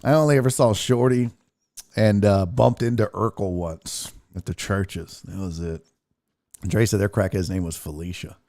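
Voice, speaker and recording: A man from the Houston area, hosting a casual live-stream chat and telling stories loudly with frequent laughter. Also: on the low side, moderate pace. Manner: loud, laughing, animated storyteller. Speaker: host.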